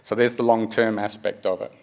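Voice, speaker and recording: A middle-aged man giving a technical conference presentation, speaking haltingly with frequent restarts and fillers. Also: on the low side, little pitch movement.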